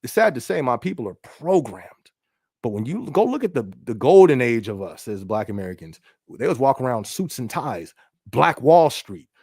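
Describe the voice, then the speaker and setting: A man's voice: mid-range voice, sing-song, normal speed, darkish tone, husky, dry recording, studio quality. A man hosting a casual podcast stream, reading viewer comments aloud in a laid-back way and often checking in with "you know what I mean". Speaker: podcast host and rapper.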